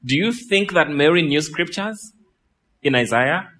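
Pastor preaching with a fraying voice. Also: male voice, fairly high pitch, measured pace. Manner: lively, asks the crowd questions, laughs. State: losing his voice. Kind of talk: sermon.

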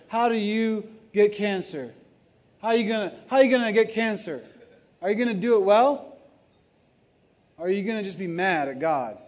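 Male preacher, high voice, emphatic sermon delivery, keeps asking right?, loud bursts then low asides.

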